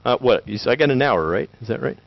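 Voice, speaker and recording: A man from Tennessee, giving a joking, animated lecture and acting out quick voices to an audience. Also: medium pitch, vocal fry, no echo, lo-fi sound. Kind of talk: lively conference talk.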